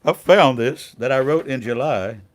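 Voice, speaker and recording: An older man, a singer-songwriter, chatting casually and rambling quietly between songs on his music show. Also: medium pitch, normal speed. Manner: relaxed, rambling, quiet spoken asides. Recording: guitar music under the voice. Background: acoustic guitar playing.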